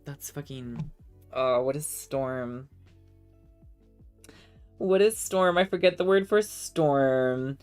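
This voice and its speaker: A woman's voice: rumbling low, slow pace, long pauses, a little mellow, clear, resonant tone, soft background music. A woman streamer in casual chat, reading viewer comments aloud, laughing often and trying out rusty French.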